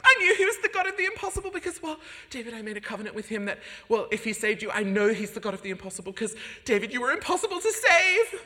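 A man voicing his dramatic, overjoyed mother, an opera singer, shrieking with high, rapid exclamations during a sermon. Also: very animated, pushed and bright, full character voice. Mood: ecstatic. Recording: long hall reverb.

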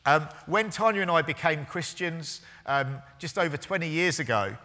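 At a moderate pace, a forties-aged pastor preaches in a slightly high, animated voice that's bright and forceful. He tells a story with hesitant restarts and performs both sides of the conversation, all under the long reverb of a church hall.

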